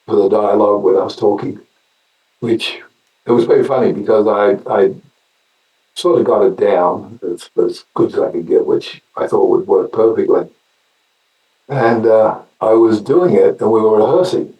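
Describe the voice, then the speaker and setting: An older man with an Australian accent, a guest actor telling wry anecdotes in a casual interview, often halting and restarting. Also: lowish voice, warm tone, reverberant, distant mic, lo-fi sound.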